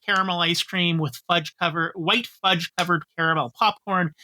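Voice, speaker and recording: Woman co-host, lowish bright voice, rambling and jokey. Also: steady tone, normal speed. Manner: rambling, joking, many fillers and restarts. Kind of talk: casual chat.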